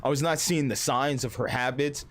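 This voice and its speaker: A man's voice: mid-range voice, fairly even intonation, moderate pace. A man in his thirties chatting casually on a livestream, rambling and swearing, often acting out other people's voices. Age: 30s. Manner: rambling and profane, acting out voices mid-story. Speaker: streamer.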